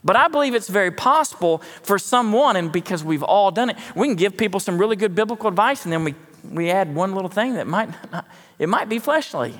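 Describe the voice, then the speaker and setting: A man's voice: high-pitched, lively intonation, fairly quick, a bit bright, big-room sound. A man preaching a sermon in a folksy, conversational way with joking asides. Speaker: pastor. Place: church sanctuary.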